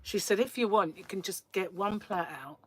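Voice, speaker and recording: A woman's voice: mid-range voice, moderate pace, a bit bright, husky. A woman, hosting a casual live stream, telling a chatty story and laughing often. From England. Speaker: crochet livestream host.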